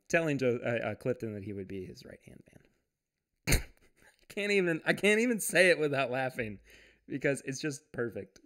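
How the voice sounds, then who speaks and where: A man hosting a casual livestream from home. He reads viewer comments aloud, chats loosely, laughs often and restarts his sentences. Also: medium pitch. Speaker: podcast host.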